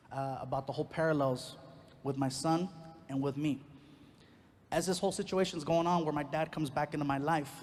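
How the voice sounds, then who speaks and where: A man doing stand-up storytelling, animated and prone to loud outbursts. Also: on the high side, in a large hall. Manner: animated, swings into loud outbursts, lots of character voices. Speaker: stand-up comedian.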